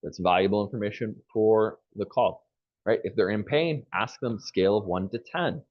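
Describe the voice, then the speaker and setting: A man's voice: on the low side, moderate pace, muffled recording. A man leading a live online training session on phone skills, coaching energetically and acting out quoted phone lines.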